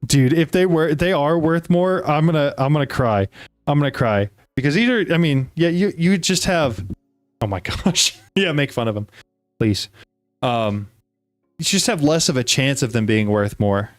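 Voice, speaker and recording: A man hosting a casual card-opening video, chatting excitedly to viewers and reading card text aloud. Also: on the high side, normal speed, dry recording, clean studio sound, faint music behind.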